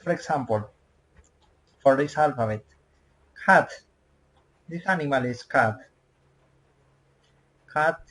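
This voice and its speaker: Slow, husky man teaching word by word. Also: mid-range voice, a bit bright, rough recording. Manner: slow, repeats each word several times, simple non-native English. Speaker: Quechua language teacher. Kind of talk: slow language lesson.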